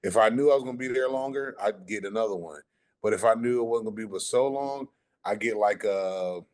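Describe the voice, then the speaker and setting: A man hosting a podcast, telling relaxed, profane stories in a laid-back drawl. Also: on the low side, a little fast. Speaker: podcast host. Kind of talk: casual chat.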